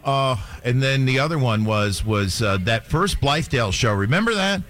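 A man's voice: medium pitch, expressive, moderate pace, fairly bright tone. A radio co-host reminiscing in casual on-air chat, laughing easily as he talks.

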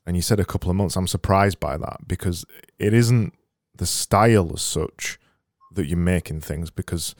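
A man's voice: low-pitched, normal speed, darkish tone, dry recording, clean studio sound. A man hosting a casual interview, enthusiastic and often restarting his phrases as he thinks aloud about design. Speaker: podcast host and designer.

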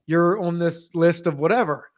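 A man's voice: fairly high pitch, moderate pace. A young man telling a comedic story as a podcast co-host, ranting profanely. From Pennsylvania.

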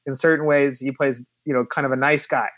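A man who is a film producer, telling lively stories in a casual interview and acting out quotes. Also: mid-range voice, fairly quick, no echo. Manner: animated storyteller who acts out quotes.

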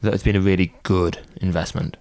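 A man's voice: deep voice, steady tone, brisk, a little mellow. Chatty male podcast co-host. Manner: chatty, jokey storyteller. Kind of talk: casual interview chat.

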